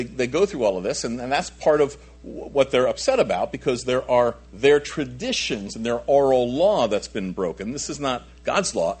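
A man preaching a conversational Bible lesson, animated, asking his listeners rhetorical questions. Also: mid-range voice, husky. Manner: animated, asks rhetorical questions, frequent restarts. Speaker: pastor teaching a Bible study. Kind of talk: conversational sermon.

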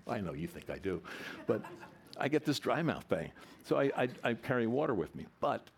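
A man preaching a sermon, swinging between loud emphatic lines and soft, low ones. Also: vocal fry, slightly rough.

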